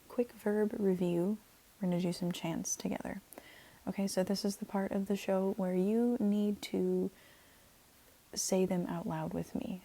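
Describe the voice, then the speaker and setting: A woman's voice: lowish voice, vocal fry, warm tone, rough recording. A woman teaching a recorded Latin lesson, chatty and leading chants, often checking in with "okay".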